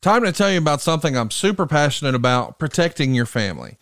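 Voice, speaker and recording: A man's voice: big pitch swings, fast talker, fairly bright tone, soft background music. A man hosting a podcast, reading a sponsor ad in an earnest, direct way. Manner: earnest, direct sales pitch. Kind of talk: host-read ad.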